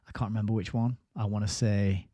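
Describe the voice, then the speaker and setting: A man's voice: lowish voice, steady tone, fairly quick, mellow, no room sound. A man hosting a book review livestream, rambling casually and reading viewer comments aloud. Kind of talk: casual live-stream chat.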